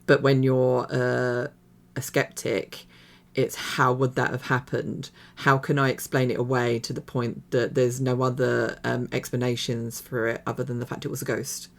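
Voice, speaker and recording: A woman's voice: a bass voice, flat delivery, normal speed, gravelly. A woman hosting a reaction video, chatting casually and rambling with many fillers and restarts. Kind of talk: casual commentary.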